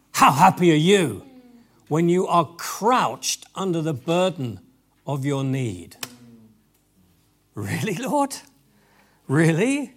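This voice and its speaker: High, animated preacher man. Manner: animated, exclamatory, talks straight to the audience. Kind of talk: lively sermon. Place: event hall with tables.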